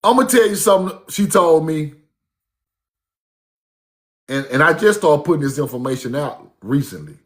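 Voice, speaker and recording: A man telling stories about his grandmother in a casual monologue. He is animated and profane, and he repeats himself for emphasis. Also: a little high, moderate pace, pauses often. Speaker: speaker recounting his grandmother's teachings.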